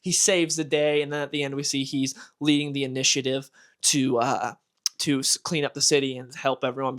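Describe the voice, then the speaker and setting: A man's voice: on the high side, fairly bright tone. Enthusiastic young man reviewing comics. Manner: enthusiastic, gushing. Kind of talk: casual review vlog.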